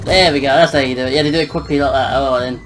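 A man's voice: mid-range voice, fairly even intonation, rapid-fire, music in the background, low-quality recording. A young man giving casual, joking let's-play commentary, muttering and swearing at the game. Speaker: gameplay commentator.

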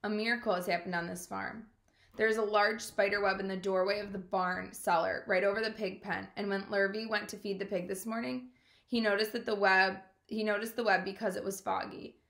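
A woman's voice: mid-range voice, fairly even intonation, a little fast, vocal fry, a bit bright. A woman reading aloud as a farmer, solemn and insistent, in a roomy-sounding recording. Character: flustered farmer Mr. Zuckerman, middle-aged man. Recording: roomy echo.

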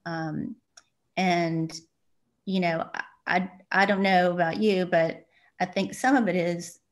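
Low-voiced woman with a refined Alabama accent. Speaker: interviewer. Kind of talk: conversational interview. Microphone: video call.

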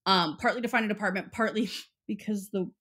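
A woman's voice: mid-range voice, fairly quick, fairly bright tone, breathy edge. Rambling young woman co-host. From Texas. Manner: rambling, lots of "like". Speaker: podcast co-host. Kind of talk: casual chat.

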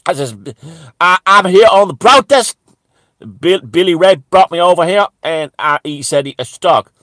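A man playing a bigoted, stammering preacher who rambles indignantly and breaks into high shouts. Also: lively intonation, moderate pace, dry recording. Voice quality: stammering, repeating words. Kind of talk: satirical character monologue.

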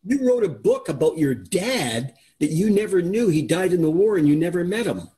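A man's voice: sits high, animated, normal speed, warm tone. A man hosting and introducing a video call interview, speaking earnestly and often repeating himself. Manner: earnest, repeats words while he talks. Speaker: interviewer, host. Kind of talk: casual talk to viewers and interview.

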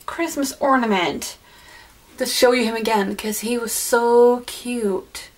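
A woman chatting casually at home while unboxing a gift package. She gushes excitedly and fills her talk with fillers and apologies. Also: on the high side, slow. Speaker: vlogger opening a gift swap package. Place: at home indoors, in the evening.

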